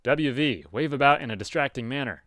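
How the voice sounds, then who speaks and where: A man reading a webcomic aloud and chatting about it casually, with sudden loud, animated outbursts. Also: mid-range voice, a little fast, dry recording. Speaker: webcomic reader. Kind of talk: casual read-aloud with commentary.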